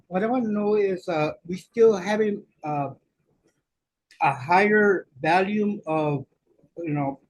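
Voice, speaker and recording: A man's voice: high-pitched, poor audio. A man from the community asking a question at a public meeting, rambling and searching for his words.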